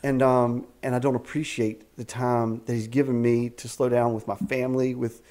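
A man in his fifties tells stories at a middle pitch. He is animated and keeps restarting his sentences, and his talk is full of faith. He sounds like a ministry leader chatting in a casual interview. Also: normal speed. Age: 50s. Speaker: executive director of a ministry camp. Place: a house at a rural camp.

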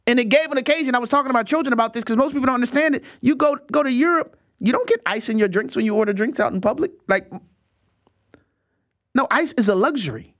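A commentary show host giving opinionated, digressive commentary in an animated voice, often stumbling into restarts. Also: high voice, fairly quick. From United States.

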